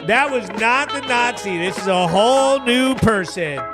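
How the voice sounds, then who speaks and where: A man's voice: extremely high pitch, expressive, unhurried, music in the background. A man hosting a live local news recap show, reading viewer comments aloud in a brash, joking, slangy way that sometimes turns sing-song. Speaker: host.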